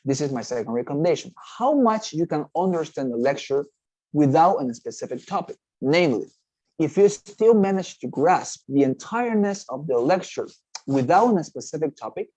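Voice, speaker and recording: A man's voice: a little high, lively intonation, moderate pace, darkish tone, no room sound, rough recording. A man teaching a test-preparation lesson, explaining step by step, often checking in with "okay?" and restarting phrases. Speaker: TOEFL teacher. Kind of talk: recorded class lecture.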